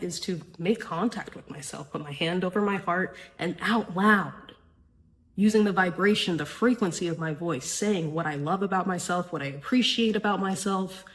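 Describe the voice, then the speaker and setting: A fairly low-pitched woman, captured in poor audio, hosts a podcast on spiritual self-help. Her delivery is casual but heartfelt, with "right?" coming up often and a stray curse here and there.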